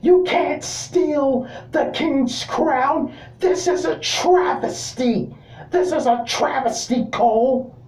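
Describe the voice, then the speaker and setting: A man putting on a whiny high-pitched tantrum voice. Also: slow, darkish tone, roomy sound, recorded from a distance. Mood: whiny outrage. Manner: high-pitched, indignant whining. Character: whiny grown man commentator throwing a fit.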